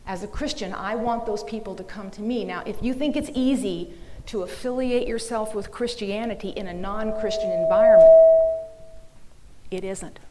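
Earnest woman preaching to a room, middle pitch, long hall reverb. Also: normal speed. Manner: earnest, emphatic, drops to a mocking whisper. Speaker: speaker. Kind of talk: church talk to an audience.

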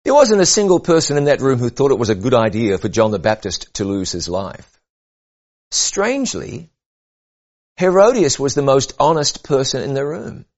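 A man delivering a sermon in an earnest, measured way, his voice rising and falling to press each point. His pitch sits in the middle, neither deep nor high. The recording is somewhat dull and lo-fi. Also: sing-song. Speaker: preacher.

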